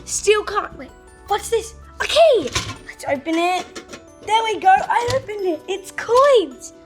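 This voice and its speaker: A woman hosting a children's show, excitable and gasping with wonder. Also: very high voice, slow pace, soft background music. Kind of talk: upbeat kids' presenting.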